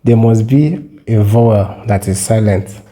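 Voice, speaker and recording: A man explains French spelling in a slow, deliberate lesson. His voice sits low and sounds very dark and mellow. He says each example word several times so the learner can copy it. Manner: repeats words slowly for pronunciation practice. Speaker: French teacher.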